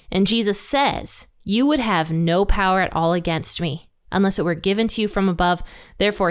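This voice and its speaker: A woman's voice: fairly low pitch, clear, resonant tone. Woman teaching scripture casually. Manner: conversational, paraphrases scripture in everyday words. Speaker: Bible teacher. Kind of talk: casual Bible study teaching.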